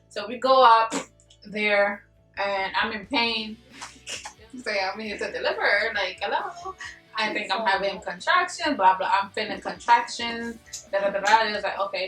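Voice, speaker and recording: Young woman telling a story in a roomy echo. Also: medium pitch. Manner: animated, slangy, laughing, acts out quotes. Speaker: vlogger. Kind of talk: casual storytelling to camera. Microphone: camera mic from a distance. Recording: echoey room, distant mic, faint music.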